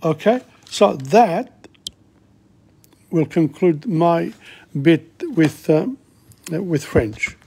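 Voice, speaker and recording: A man teaching a casual vocabulary lesson, slowly repeating words aloud with hesitant fillers. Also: a little high, gravelly, darkish tone, husky. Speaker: language teacher.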